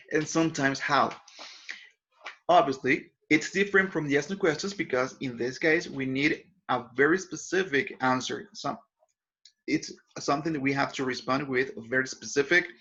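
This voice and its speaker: Guy teaching a grammar lesson, kinda high voice, sounds muffled and lo-fi. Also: unhurried, pushed and bright. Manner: explanatory, repeats examples, frequent self-corrections. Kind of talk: recorded grammar lesson over slides. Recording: dull lo-fi voice recording.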